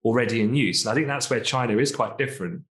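A man's voice: medium pitch, fast talker, fairly bright tone. A man from the UK co-hosting a casual finance podcast, chatty, laughing often and hedging with asides. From United Kingdom. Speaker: podcast co-host.

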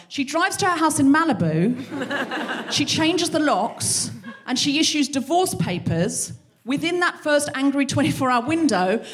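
A woman hosting a live show, delivering an animated, sweary comic monologue on stage. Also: sits high, moderate pace. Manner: animated, sweary, acts out quoted voices. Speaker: podcast host.

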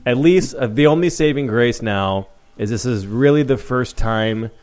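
A man's voice: mid-range voice, measured pace, darkish tone. A man hosting a casual sports podcast, wry and blunt, swearing freely and trailing off mid-thought. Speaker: podcast host.

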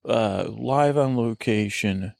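A man hosting a comedy podcast outdoors by a lake, joking and rambling in an excitable put-on voice. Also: fairly low pitch, slow pace, vocal fry, no echo. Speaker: podcast host.

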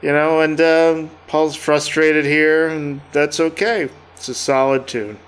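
A man's voice: on the high side, steady tone, a little slow, smooth. A man co-hosting a podcast, talking in a loose, wry and joking casual chat. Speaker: podcast co-host.

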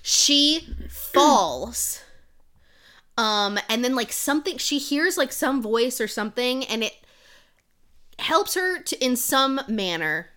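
A woman's voice: on the high side, expressive, slow pace, pushed and bright. A young woman co-hosting a podcast, retelling a novel's plot in a rambling casual way full of "like". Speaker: podcast co-host. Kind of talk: casual book-recap chat.

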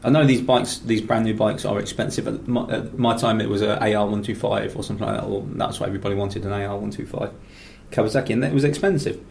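A man's voice: lowish voice, steady tone, quick pace, vocal fry, hardly any pauses, a little mellow, a little hiss or hum. A middle-aged man from England hosting a podcast, rambling through stories in a chatty, teasing way. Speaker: podcast host. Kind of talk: casual chat.

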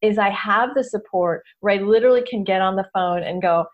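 A woman hosting a casual interview, teaching lively and acting out the voices in people's heads. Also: mid-range voice, brisk, narrow, tinny audio. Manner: animated, acts out inner voices. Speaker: host, coach.

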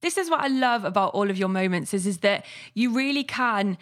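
A woman's voice: mid-range voice, expressive, fairly quick, fairly bright tone. A woman hosting a podcast, asking questions and enthusiastically reflecting back her guest's story. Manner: enthusiastic, affirming interviewer. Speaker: podcast host. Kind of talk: casual interview.

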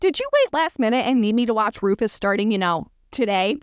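Friendly cartoon ogre, read aloud by a woman, high-ish and cheerful. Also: sing-song, brisk, clear, resonant tone, dry recording, studio quality. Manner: read-aloud dialogue, lightly voiced.

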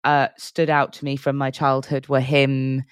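A woman co-hosting a podcast, chatting casually and laughing a lot as she tells animated stories. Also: very deep voice, unhurried, clear, resonant tone, dry recording, studio quality. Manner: giggly, animated storyteller doing silly quoted voices. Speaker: podcast co-host. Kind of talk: casual chat.

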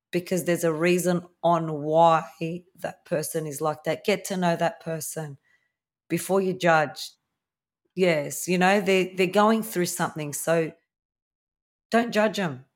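A woman in her thirties with an Australian accent, a podcast guest candidly telling her own story in a conversational way. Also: lowish voice. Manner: candid, conversational, with fillers and quoted dialogue. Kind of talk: personal storytelling interview.

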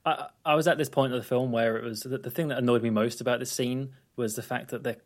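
A man's voice: medium pitch, steady tone, fast. A man co-hosting a podcast, reacting to a film recap with jokes and easy laughter. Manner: joking reactions, laughs easily. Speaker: podcast co-host. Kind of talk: casual film discussion.

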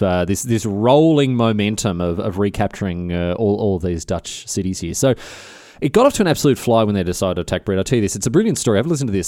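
A man's voice: medium pitch, mellow, no room sound, studio quality. Jokey man telling history. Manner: rambling, jokey, self-interrupting. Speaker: podcast host. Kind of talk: comic history podcast narration.

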